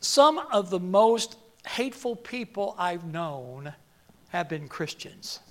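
An older man preaching a sermon, halting and repeating words, then building to emphatic peaks. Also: high-pitched, big pitch swings.

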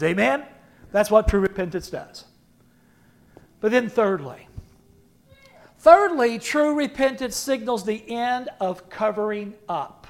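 A pastor preaching a sermon to his congregation, swinging from loud emphatic lines to hushed low phrases and calling for responses.

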